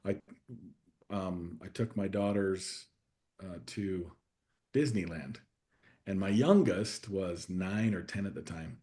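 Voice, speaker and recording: A man guest on a conversational podcast, sharing a personal story in a reflective, steady way that grows animated at times. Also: deep voice, takes it slowly, pauses often. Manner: reflective, warm storyteller who gets animated in anecdotes. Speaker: guest coach.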